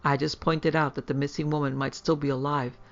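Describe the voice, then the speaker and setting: Gravelly man narrating a horror tale. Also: on the high side, flat delivery, fairly quick. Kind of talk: scripted horror story narration. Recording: dull lo-fi.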